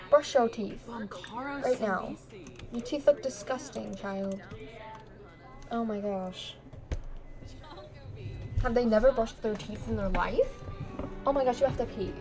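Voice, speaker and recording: A woman's voice: fairly high pitch, slow, pauses often, a little mellow, soft background music. A woman streamer in casual let's play commentary, animatedly teasing the characters on screen.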